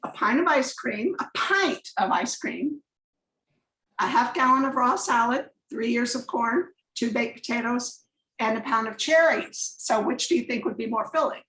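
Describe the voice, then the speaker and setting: A woman with a somewhat high voice talks through slides on a video call, chatty and rambling, often drifting into personal stories. Her voice sounds roomy and echoey. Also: lively intonation, normal speed, a bit bright, slight background noise. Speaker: guest presenter on a coaching call. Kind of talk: conversational slide presentation.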